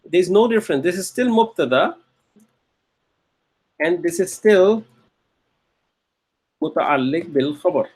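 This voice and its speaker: A man's voice: sits high, animated, unhurried, long pauses, slightly rough. A man teaching a recorded Arabic grammar lecture, patiently repeating key phrases and often checking with "okay?".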